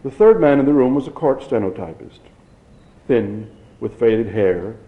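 A man narrates an audiobook in a steady, measured way. His voice sits at an ordinary middle pitch. The recording is dull and lo-fi.

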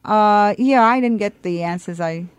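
A woman's voice: medium pitch, normal speed, smooth, no room sound. A woman with a New York accent, a guest on a radio interview, telling a story with many restarts. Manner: animated storytelling with frequent restarts and laughs.

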